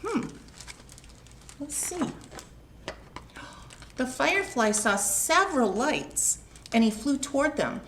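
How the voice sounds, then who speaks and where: A woman, a children's librarian, reading a picture book aloud at home, slow and expressive, pausing to ask the young listeners questions. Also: on the high side.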